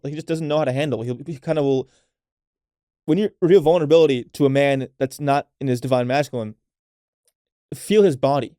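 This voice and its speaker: A man's voice: medium pitch, fairly quick, pauses often, warm tone, clean tone, dry recording, clean studio sound. A man hosting a casual solo podcast, speaking unfiltered and swearing freely, coaching women listeners and often tagging his points with "right?". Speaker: podcast host.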